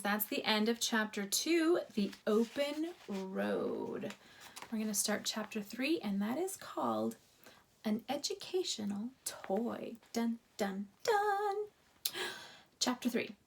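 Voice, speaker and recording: Relaxed woman narrator for a kids' chapter book, slow unhurried pace, playful asides. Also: on the high side, vocal fry, slight background noise. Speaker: storyteller reading a children's book. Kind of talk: casual read-aloud storytime.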